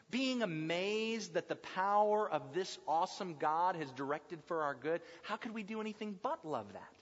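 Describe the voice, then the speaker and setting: A man preaching a sermon to a congregation. He is emphatic, building to loud passionate peaks and then dropping to hushed tones. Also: high-pitched, husky. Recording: dull lo-fi sound with long hall reverb.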